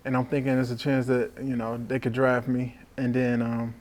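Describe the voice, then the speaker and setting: A man's voice: mid-range voice, flat delivery, normal speed, a little mellow. A man from Michigan hosting a casual chat, laid-back and saying "bro" a lot. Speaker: podcast host.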